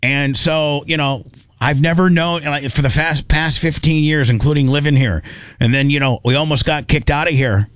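A man's voice: on the high side, fairly even intonation, normal speed, no room sound. A man hosting a radio show in his studio, rambling and stammering through emotional casual banter. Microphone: studio microphone.

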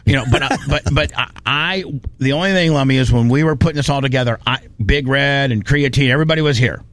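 A man's voice: mid-range voice, fast talker. A man hosting a casual studio chat, telling a story with lots of energy and putting on voices to quote people. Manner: animated storyteller, quotes others in put-on voices. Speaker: podcast host.

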